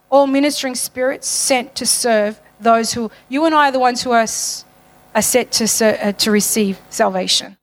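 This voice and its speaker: A woman's voice: a little high, fairly even intonation, normal speed. A woman preaching a sermon, building to fervent declarations and calling on the congregation for amens. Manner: calls for amens.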